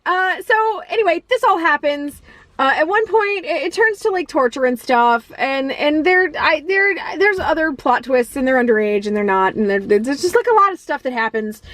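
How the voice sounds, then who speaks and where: A woman with a high voice rants about a film she disliked in a loose, rambling way, full of fillers and restarts. She swears freely, laughs often and sounds exasperated. The sound is close and dry, with no room around it. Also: animated, normal speed, a bit bright, no room sound. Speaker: movie reviewer. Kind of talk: casual ranting movie review.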